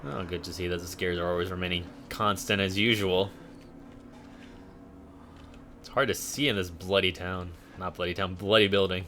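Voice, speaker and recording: A man's voice: low-pitched, fairly even intonation, brisk, few pauses, pushed and bright, a little hiss or hum. A man streaming a horror game, talking casually and making sarcastic jokes as he plays. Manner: joking, sarcastic asides. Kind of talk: casual gameplay commentary.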